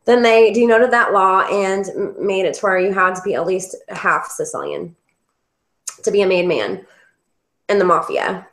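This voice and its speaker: A woman from Kansas City, a guest author, chatting casually and a little haltingly over a video call. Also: mid-range voice, fairly bright tone. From Kansas City, Missouri. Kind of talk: casual chat. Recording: echoey room.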